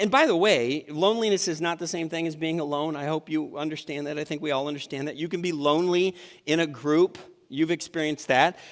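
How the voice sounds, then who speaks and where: Male pastor, conversational sermon, slightly high voice, reverberant church hall. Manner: conversational, acts out inner thoughts. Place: church sanctuary.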